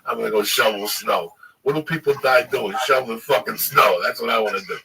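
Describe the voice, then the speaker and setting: A man's voice: medium pitch, a little fast, gravelly. A middle-aged man, a comedian and host, in casual chat, telling rambling, profanity-laced stories and putting on voices for others. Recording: distant mic with loud background noise.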